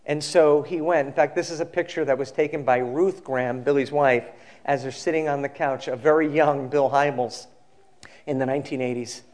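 A male pastor giving a sermon, telling a story in a relaxed conversational way and acting out the quoted people. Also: mid-range voice, normal speed.

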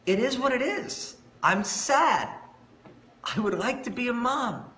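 A man preaching a sermon as pastor, conversational and animated, telling stories and asking rhetorical questions. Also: very high voice, a little slow, echoey room. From Long Island, New York.

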